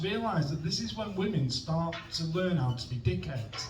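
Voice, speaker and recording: A man's voice: a little high, lively intonation, moderate pace, a little hiss or hum. Young male stand-up, rambling and self-mocking, recorded at a distance in a reverberant venue. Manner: self-deprecating, awkward, trailing off mid-joke. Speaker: stand-up comedian at an open mic. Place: comedy club stage with audience. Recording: roomy venue sound from a distant mic.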